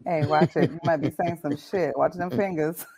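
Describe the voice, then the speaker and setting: A woman's voice: deep voice, steady tone, normal speed, creaky, darkish tone, slightly rough. A woman co-hosting a casual radio talk show, playful and sassy, calling the others honey and babe. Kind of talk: casual banter.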